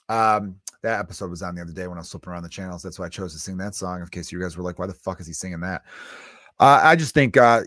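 A man's voice: fairly low pitch, a bit bright, dry recording. Guy in his 30s ranting on his podcast, swears a ton, blunt, dry close mic. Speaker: podcast host. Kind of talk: solo comedic podcast rant.

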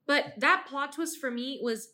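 Bright-voiced woman podcast co-host. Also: high-pitched, a little slow. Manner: animated, swears freely, acts out reactions. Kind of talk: casual book-review chat.

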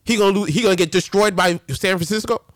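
A man hosting a casual sports rant, animated and full of slang and restarts. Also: sits high, fast, dry recording, studio quality. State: a little winded. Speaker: sports show host.

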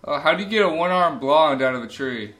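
A man's voice: fairly high pitch, animated, fairly quick, fairly bright tone. A man co-hosting a casual podcast chat, telling jokes and laughing at his own punchlines. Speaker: podcast co-host.

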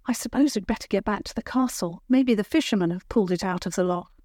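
A woman's voice: mid-range voice, fast talker, dry recording, studio quality, close to an everyday voice. A woman voicing a brave, kind young princess adventurer, speaking earnestly and friendly. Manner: urgent and warm, friendly.

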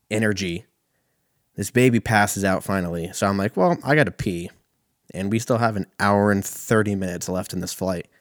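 A young man from California telling a profane, animated stand-up story. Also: fairly low pitch, no echo, clean studio sound. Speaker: comedian.

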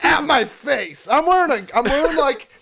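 A young man with a very high, lively voice tells a rambling story among friends. He laughs and shouts his way through it, with a crowd of voices audible behind him. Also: normal speed, gravelly. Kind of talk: casual chat.

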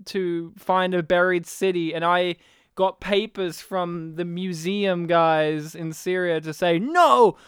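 An Australian man riffing on a film in casual podcast banter. His voice is smooth and clear, recorded close and dry, and his delivery is loose, animated and full of laughter and swearing. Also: high voice, no echo. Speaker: podcast co-host. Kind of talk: casual movie-review chat.

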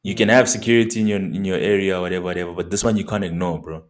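This low-voiced young man speaks with a South African accent, racing along in a steady tone. As a podcast co-host in casual chat, he's relaxed, full of slang, and swears a lot.

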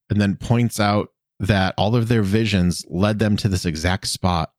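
A man's voice: on the low side, a little slow, few pauses, dry recording, studio quality. A man co-hosting a podcast, casually recapping episodes with playful asides. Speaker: podcast co-host.

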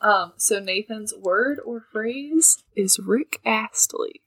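A woman hosting a word game on a podcast, briskly announcing turns. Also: medium pitch, a bit bright, husky, rough recording.

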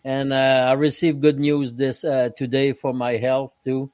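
A man from Canada chatting slowly and carefully on a video call, leading a Bible study and laughing easily. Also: medium pitch, level tone, darkish tone, dry recording. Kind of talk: casual online roundtable chat.

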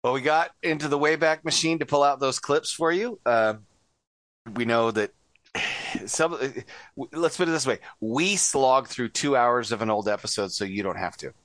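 Podcast guy cracking wry jokes, mid pitch, dry close mic. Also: moderate pace, fairly bright tone, no room sound. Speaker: podcast co-host. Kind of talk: casual podcast chat.

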